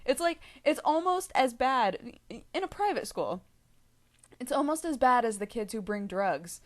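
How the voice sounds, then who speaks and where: A young woman vlogger chatting casually to her viewers. She rambles from one aside to the next with plenty of fillers and giggles. Her pitch sits in an ordinary middle range. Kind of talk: casual storytime vlog.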